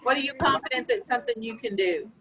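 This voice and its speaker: A woman teaching young children in a classroom, patiently asking questions and slowly explaining vocabulary. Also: fairly high pitch, noisy background. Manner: patient, questioning, slow and encouraging. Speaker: elementary school teacher. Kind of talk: classroom lesson.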